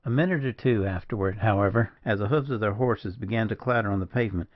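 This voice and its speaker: A man reading a classic western novel aloud in a measured storytelling narration. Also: fairly low pitch, lo-fi sound. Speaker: audiobook narrator. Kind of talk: scripted narration.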